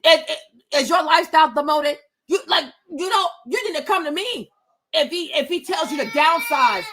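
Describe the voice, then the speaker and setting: Sassy high-voiced woman ranting. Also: lively intonation, normal speed, fairly bright tone. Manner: sassy, blunt, profane, mocking. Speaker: commentator reacting to celebrity gossip. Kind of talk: casual rant.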